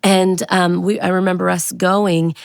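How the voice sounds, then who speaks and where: An American woman telling a personal testimony in an earnest, halting way, with many restarts. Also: lowish voice, flat delivery, creaky, clear, resonant tone, no room sound, clean studio sound. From United States. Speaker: guest sharing a testimony.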